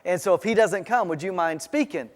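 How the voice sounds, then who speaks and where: A pastor with a high voice preaches in a church sanctuary where his words trail off into a long reverb. His sermon takes the form of a personal story, and he often halts and starts his phrases over.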